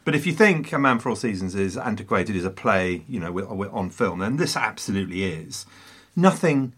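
A man hosting a casual film chat, talking in an animated, teasing way with theatrical emphasis. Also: fairly low pitch, fairly quick, slight background noise. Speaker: podcast host and stand-up comedian.

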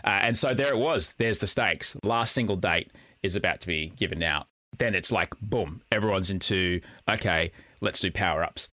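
Man, podcast co-host, low-ish forceful voice, dry close sound, casual jokey recap. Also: moderate pace, no room sound. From Australia. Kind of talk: casual chat.

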